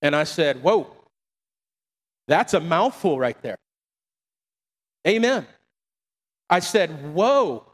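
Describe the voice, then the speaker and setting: A man's voice: fairly high pitch, lively intonation, slow pace, pauses often. A middle-aged male pastor preaching a sermon to a congregation, with frequent call-and-response asides. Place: church sanctuary. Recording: long hall reverb.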